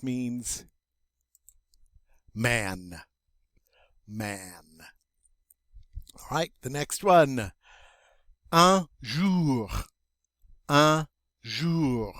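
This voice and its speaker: A man's voice: mid-range voice, dry recording. A man teaching a recorded vocabulary lesson in a chatty, self-amused way, spelling out pronunciation for students. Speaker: French teacher.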